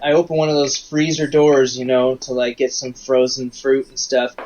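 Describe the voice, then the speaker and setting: A man's voice: medium pitch, flat delivery, normal speed, darkish tone, highs cut off, slight background noise. A man from Canada, a singer-songwriter appearing as an interview guest, who tells rambling anecdotes full of restarts. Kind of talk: casual interview chat.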